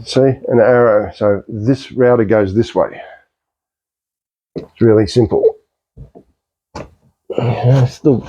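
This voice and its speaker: A man's voice: on the low side, mellow, lo-fi sound. Muttering Australian man in his workshop. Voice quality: talks to himself, mutters and swears, wry jokes. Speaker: hobbyist woodworker. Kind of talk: casual workshop commentary. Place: home workshop.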